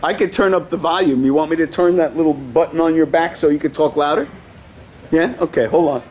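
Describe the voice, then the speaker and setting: Male karate instructor, high and lively voice, playful teasing coach in an indoor studio with a faint hiss. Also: fairly quick. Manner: playful, teasing, bursts into excited shouts. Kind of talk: coaching children in class.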